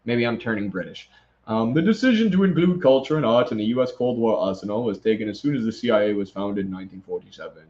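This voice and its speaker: A man's voice: on the low side, expressive, fast, a little mellow, dull audio. Sarcastic man reading with commentary. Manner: sarcastic, mocking asides. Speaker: host. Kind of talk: reading an article aloud with commentary.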